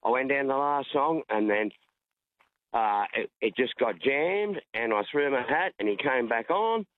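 A man's voice: medium pitch, lively intonation, measured pace, no echo. A middle-aged Australian man calling in, telling a rambling story in a chatty, colloquial way. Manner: rambling storyteller, calls host darling. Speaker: caller. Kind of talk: casual phone-in chat. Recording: dry tinny phone line.

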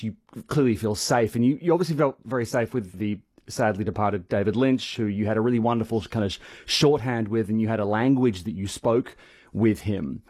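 Male interviewer, lowish voice, dry close sound, measured questions. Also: a little mellow, no room sound. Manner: measured, asks long questions.

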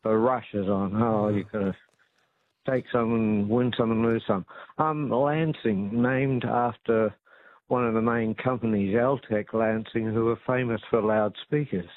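A man calling in on a tinny phone line, his voice fairly low. He rambles and muses before committing to an answer. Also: steady tone, unhurried, a little hiss or hum. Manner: rambling, musing. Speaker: caller.

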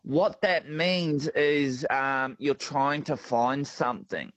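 A man calling in to a radio show, speaking hesitantly and haltingly. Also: mid-range voice, fairly bright tone, dry recording. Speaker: caller. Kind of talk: phone-in call.

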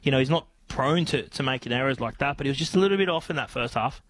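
Husky aussie bloke co-hosting footy radio, teasing the crew nonstop. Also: male voice, medium pitch, fast talker, a bit bright. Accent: Australian. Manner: cheeky, teasing. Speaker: radio co-host and TV pundit. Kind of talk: sports radio chat.

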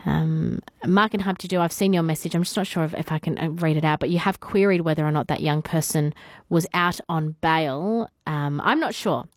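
A woman's voice: low-pitched, normal speed, dry recording. A woman with an Australian accent hosting morning talkback radio in a studio, chatty as she reads out listener messages. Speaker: radio host.

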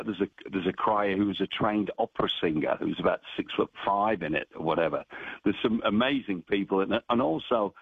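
A man's voice: fairly low pitch, husky, no echo. A man working as a town crier, chatting animatedly in a radio phone interview. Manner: chatty, animated, bursts into bellowed cries. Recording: dry tinny phone line.

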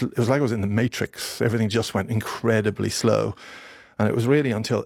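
A man in his fifties from Ireland, a doctor speaking haltingly in a radio interview, his voice catching with emotion. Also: lowish voice, creaky, a little mellow, no echo, studio quality. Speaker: doctor and guest.

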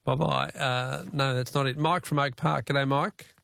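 A man with an Australian accent hosting a talkback radio quiz, jovial and quick to laugh. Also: mid-range voice, fairly even intonation, gravelly, fairly bright tone, dry recording, studio quality.

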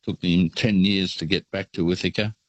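An older Australian man calling in to a radio show, telling rambling, relaxed travel stories. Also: low voice, moderate pace, no echo, lo-fi sound. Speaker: caller. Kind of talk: phone-in storytelling.

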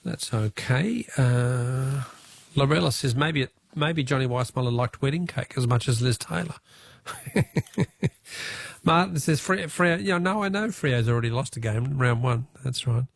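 A man's voice: mid-range voice, moderate pace, creaky, no room sound. An Australian man hosting a talkback radio quiz, chatty and chuckling as he reads out listener texts.

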